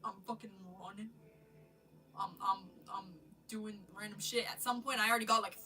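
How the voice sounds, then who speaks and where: A woman's voice: medium pitch, steady tone, moderate pace, bright, forceful tone, far from the mic, soft background music. A woman with a stuffy nose on a casual live stream, rambling about her day and swearing, with lots of restarts, sitting in her bedroom.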